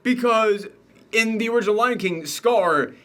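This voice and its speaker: A man's voice: high-pitched, moderate pace, a bit bright. A man hosting a casual movie review chat, joking and emphatic as he rants. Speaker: show host.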